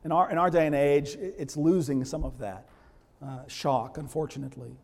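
A man's voice: moderate pace, creaky, darkish tone, long reverb tail. A man preaching a sermon, acting out scripture characters in quoted speech. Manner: dramatizes biblical figures in quoted voices, pitch rising sharply. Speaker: pastor.

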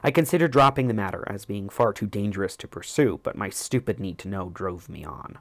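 A man reading a first-person story as an audiobook narrator, in a measured, reflective way. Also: lowish voice, gravelly, no room sound.

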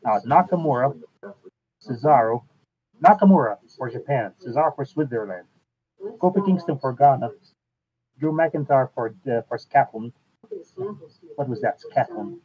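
The speaker is a man hosting a podcast, chatting casually and without hurry at a medium pitch. His pauses are filled with "uh," he often starts sentences over, and his audio has the thin, tinny quality of a phone call.

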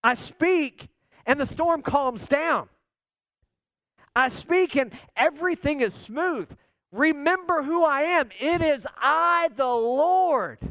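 A man voicing a calm, commanding divine figure who reassures frightened followers with insistent, repeated words. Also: very high-pitched, takes it slowly, no room sound, pitched above the performer's own voice, full character voice.

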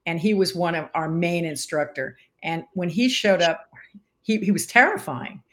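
A woman in her sixties, a podcast guest, telling stories in a lively interview chat and acting out what others said. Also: lowish voice, moderate pace. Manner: animated storyteller who acts out quoted voices.

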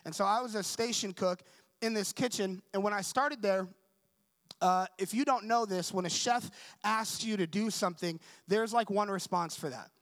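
A young man delivers a sermon as a story, acting out the people in it and often turning to the listeners for agreement. His voice sits high for a man and keeps a casual, conversational ease. The recording is close and dry, with almost no room sound. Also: brisk, dry recording. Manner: animated storyteller acting out dialogue; conversational, asks the audience for agreement. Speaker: preacher.

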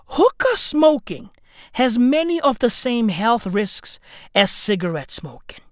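A woman, delivering a profane comedic rant full of slang that bursts into shouting. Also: a little high, big pitch swings, a little slow, no room sound, studio quality. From South Africa.

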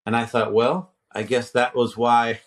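A man's voice: mid-range voice, little pitch movement, unhurried. A man in his fifties who teaches at a seminary, telling a story in casual conversation, restarting sentences and quoting himself and others.

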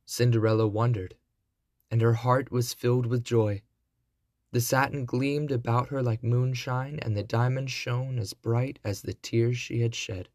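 A man reading a classic fairy tale aloud, in a deliberate storybook narration. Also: mid-range voice, steady tone, a little mellow, dry recording, clean studio sound.

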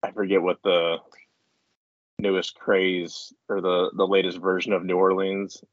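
A man's voice: low voice, level tone, a little slow, no echo, muffled recording. A man co-hosting a casual podcast chat at home, rambling with many restarts and frequent laughs. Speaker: podcast co-host. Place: indoors at home.

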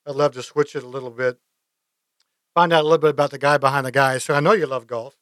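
A man hosts a podcast interview with easy, upbeat chat and plenty of praise for his guest. His voice is smooth and clear, recorded close and dry. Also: medium pitch, steady tone, quick pace, no echo. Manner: warm, enthusiastic praise, friendly chat. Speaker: podcast host. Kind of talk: casual interview.

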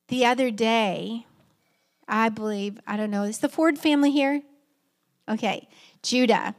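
Higher-voiced woman preaching a heartfelt sermon. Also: unhurried, pauses often. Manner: heartfelt, conversational preaching with fillers like "y'all". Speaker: pastor. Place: church sanctuary.

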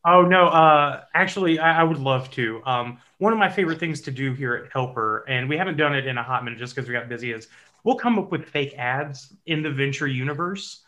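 A man's voice: medium pitch, a little fast, sharp tone. A man co-hosting a podcast, talking casually in a rambling way with many fillers. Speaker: podcast co-host.

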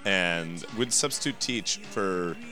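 A man's voice: deep voice, slow pace, soft background music. A young man co-hosting a movie podcast, joking and laughing as he riffs through a casual discussion. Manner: animated, joking, laughs often. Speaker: podcast co-host.

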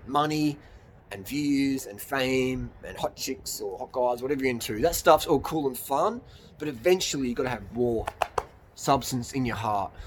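A faint hiss or hum sits under this man's mid-range voice. He's a YouTuber outdoors in the hills on a cold evening, rambling through a blunt motivational rant, swearing and laughing at his own jokes.

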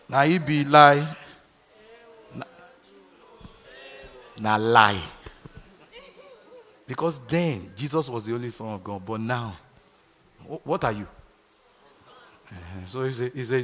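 A man's voice: medium pitch, slow pace, long pauses, fairly bright tone, in a large hall, soft background music. A Nigerian man preaching a sermon, calling out to his congregation for responses. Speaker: pastor. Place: large church hall.

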